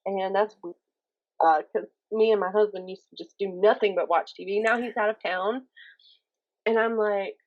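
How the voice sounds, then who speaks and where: A young woman with a Southern accent from Mississippi, chatting as a podcast guest, animated and often laughing. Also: mid-range voice, moderate pace, dull audio. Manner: animated, laughing, mimics others in quotes. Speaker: guest poet and YouTuber. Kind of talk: casual interview chat.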